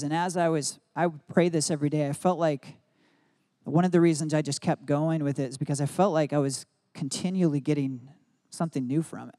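A man's voice: a little high, steady tone, a little fast, dark tone. A married man giving an earnest devotional Bible teaching, mixing reflection with spoken prayer declarations. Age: adult, married. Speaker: preacher.

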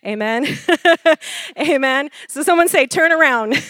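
A woman preacher delivering a lively sermon, laughing often and calling for responses from the congregation. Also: high voice, slow, no echo.

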